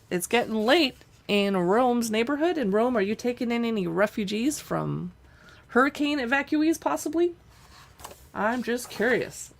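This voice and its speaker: A woman live streaming as she pages through cookbooks, chatting casually and reading recipe lists aloud as she thinks out loud. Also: fairly high pitch. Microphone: streaming setup.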